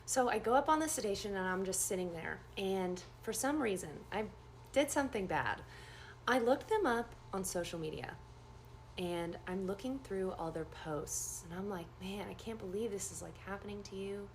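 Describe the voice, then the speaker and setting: A woman nurse telling a story in a casual first-person way, animated and acting out the dialogue. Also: moderate pace, slight background noise. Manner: animated, acts out quoted dialogue with big pitch jumps.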